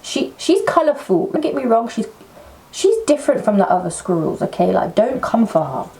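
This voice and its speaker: A young woman, chatting her way through a makeup tutorial at home with excitable, self-mocking asides. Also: on the high side, moderate pace. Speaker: makeup vlogger. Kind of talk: casual makeup tutorial chat. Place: at home at a table.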